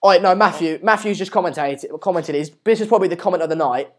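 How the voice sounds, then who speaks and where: A man's voice: high voice, fast. A man hosting a live football watchalong, chatting casually, reading viewer comments and repeating himself. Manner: rambling, repeats words and phrases.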